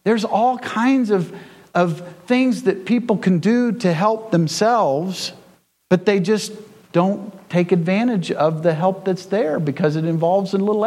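A man's voice: sits high, a little mellow. A male pastor preaching a sermon in a church, with folksy storytelling and frequent repetition.

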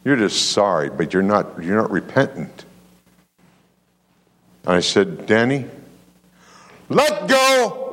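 Speaking low in a big-room acoustic, a pastor delivers a sermon built around an animated story. He keeps asking the congregation for amens, drawing call-and-response replies.

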